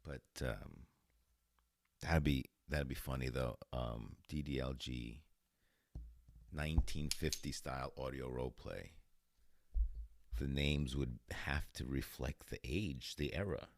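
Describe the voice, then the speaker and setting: A man's voice: rumbling low, slow, gravelly, pauses often, dry recording, studio quality. A man hosting a podcast in a casual, rambling monologue, laughing often. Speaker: podcast host.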